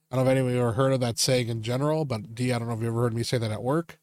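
A man's voice: medium pitch, very fast, few pauses, a little mellow, no room sound. Crude, laughing man telling a rant. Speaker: podcast host. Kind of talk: casual chat.

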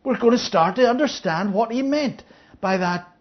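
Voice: mid-range voice, normal speed. A Bible teacher leading an interactive study, checking in with listeners and acting out the parable's speakers. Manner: checks in with listeners, asking "Yeah?"; acts out the parable's speakers in lively voices. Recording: dull lo-fi recording.

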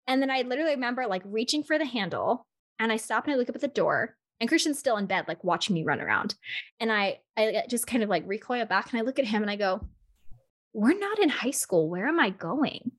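A young woman co-hosting a casual podcast chat, telling an animated story. Her voice sits a little high, and her speech is full of "like" fillers. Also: quick pace.

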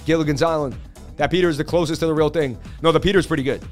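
A man hosting a crypto market livestream, talking through charts in a casual, animated and confident way. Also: a little high, racing, faint music behind.

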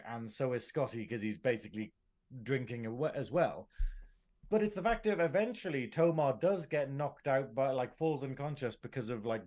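Chatty British man retelling scenes. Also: mid-range voice. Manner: animated retelling with acted quotes. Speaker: podcast co-host. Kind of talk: casual review chat.

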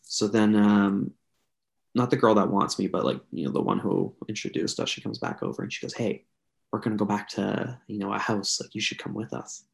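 A man's voice: lowish voice, expressive, brisk, gravelly. A young man from Canada, a podcast co-host, telling a long, rambling story to friends with lots of fillers. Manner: rambling, filler-heavy, chatty. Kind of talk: casual storytelling among friends.

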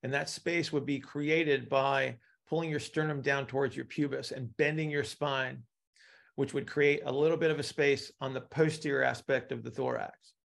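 Gravelly man teaching with analogies. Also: medium pitch, fairly even intonation, moderate pace, a bit bright. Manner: explains with analogies, keeps checking in with "right?". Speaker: instructor. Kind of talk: teaching a live class.

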